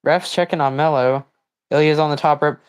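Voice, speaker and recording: A man hosting a livestream, giving casual, rambling commentary on a wrestling broadcast and breaking into excited outbursts and confused reactions. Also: on the high side, fairly quick, clear, resonant tone. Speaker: livestream host.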